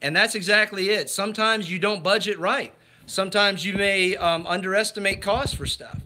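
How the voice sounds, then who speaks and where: Bright-voiced man chatting on a livestream. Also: high-pitched, fairly even intonation, a little hiss or hum. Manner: chatty, halting with fillers and restarts. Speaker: livestream host. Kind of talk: casual livestream chat reading comments.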